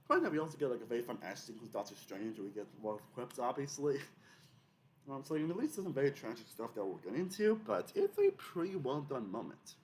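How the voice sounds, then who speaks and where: A man's voice: medium pitch, very animated, fast talker, a little mellow, slight background noise. A young man hosting a casual video essay, rambling with many fillers and restarts.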